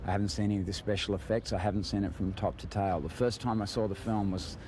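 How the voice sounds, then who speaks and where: Low-voiced man interviewed amid street noise. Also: fairly even intonation, fast talker. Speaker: film director. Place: outdoors at a festival.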